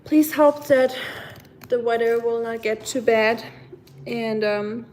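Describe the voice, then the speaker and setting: A woman's voice: on the high side, slow pace, darkish tone, slight background noise. A woman from Germany, chatting casually with viewers on her livestream and answering their comments. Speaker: livestream host. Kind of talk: casual live chat with viewers.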